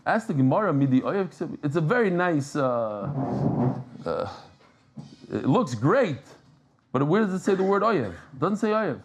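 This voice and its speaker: A man leads a live Talmud class, talking in a casual, lively way and bantering with the people around him. His voice sits a little high for a man. He often stops and restarts his sentences as he works through a point. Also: measured pace, pauses often, background noise. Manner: animated, joking with the room, frequent restarts.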